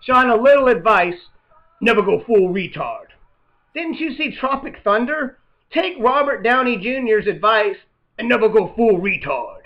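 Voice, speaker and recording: A man doing an impression of a gruff male movie colonel who gives blunt advice. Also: sits high, lively intonation, a little slow. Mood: advising. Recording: dull lo-fi recording.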